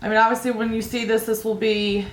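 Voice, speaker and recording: A woman's voice: fairly high pitch, level tone, fast, reverberant, a little hiss or hum. A woman in her thirties chatting through a makeup tutorial, rambling and telling family stories as she goes. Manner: rambling, storytelling, laughs at own stories. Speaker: beauty vlogger.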